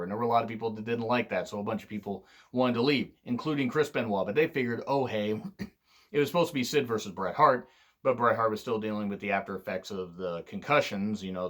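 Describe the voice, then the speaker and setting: A tired man hosting a casual wrestling countdown, rambling, swearing freely and often clearing his throat. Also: on the low side, fairly bright tone. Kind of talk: casual spoken countdown commentary.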